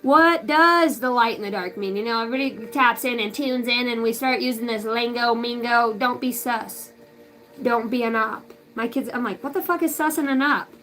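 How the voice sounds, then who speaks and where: Woman, 30s, psychic medium on a casual live reading; high-pitched, rambling and profane, loud bursts then soft asides. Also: fairly even intonation, normal speed, soft background music.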